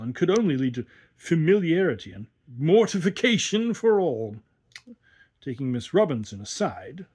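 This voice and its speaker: A man narrates a classic short story in an expressive storytelling manner. His voice is husky and sits a little high. His pitch rises and falls in lively swings. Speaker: audiobook reader. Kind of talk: scripted narration.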